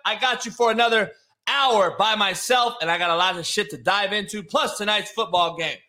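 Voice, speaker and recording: A man's voice: sits high, brisk, sharp tone. A man hosting a sports talk show, brash and profane, rambling through opinions in casual sports talk.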